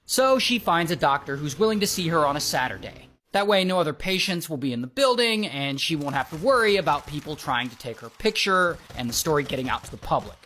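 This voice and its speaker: A man narrating a story in a casual, wry way, with dramatic pauses and amused asides. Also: fairly high pitch, big pitch swings, pushed and bright, a little hiss or hum.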